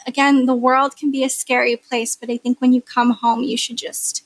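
A woman's voice: sits high, level tone, moderate pace, dry recording. A young woman guest on a podcast, talking casually and effusively with lots of "like" and "you know". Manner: gushing, effusive, filler-heavy. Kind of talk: casual interview chat.

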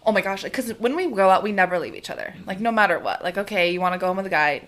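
A woman in her twenties tells a story as a podcast guest, animated and blunt, with the odd curse. Her pitch sits in the middle range. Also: rapid-fire. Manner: animated, swearing, chiming in. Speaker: guest, professional golfer. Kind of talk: casual storytelling.

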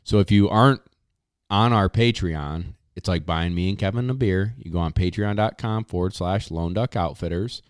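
A man hosting a casual podcast, reading sponsor spots in a hyped, slangy way with drawn-out catchphrases. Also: low voice, smooth, no echo, clean studio sound. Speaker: podcast host.

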